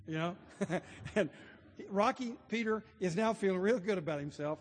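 A man's voice: high voice, lively intonation, moderate pace, husky. A man preaching a sermon, telling stories earnestly and building to emphatic points. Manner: earnest storytelling, rising to emphatic. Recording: long hall reverb.

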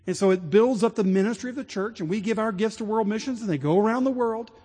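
A pastor preaching a sermon to his congregation in a large church, building to emphatic points and dropping to a hushed prayer. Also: high voice, fast talker. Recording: long hall reverb.

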